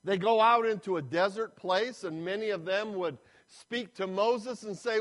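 A man preaching a sermon as a retold story, with dramatic, drawn-out emphasis. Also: high-pitched, fairly bright tone.

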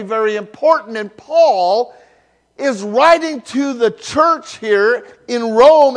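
A middle-aged man preaching a sermon in a church, slow and emphatic with dramatic pauses. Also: sits high. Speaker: pastor. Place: church sanctuary.

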